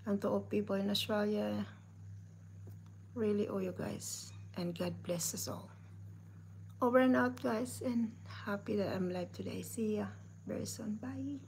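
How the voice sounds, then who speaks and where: A woman's voice: mid-range voice, fairly even intonation, unhurried, vocal fry, darkish tone. A woman chatting casually through an unboxing vlog, upbeat and talkative, with simple phrasing. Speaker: vlogger. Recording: noisy home video recording.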